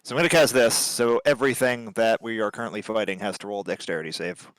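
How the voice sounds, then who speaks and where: A man playing a tabletop game, thinking aloud in a deliberate, casual way. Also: fairly low pitch, a bit bright, dry recording. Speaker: player.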